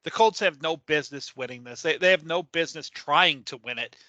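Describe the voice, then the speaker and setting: A man's voice: a little high, brisk, bright, forceful tone, no room sound, muffled recording. A man co-hosting a casual sports podcast, emphatic and repeating words as he gets worked up. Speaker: podcast co-host.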